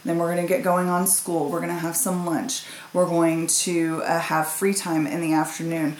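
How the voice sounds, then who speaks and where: A woman guest talking casually about family life, lively and quick to laugh. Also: lowish voice. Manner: lively, laughs easily, talks in long runs. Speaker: guest parent. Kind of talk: casual conversation. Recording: echoey room with faint ambient noise.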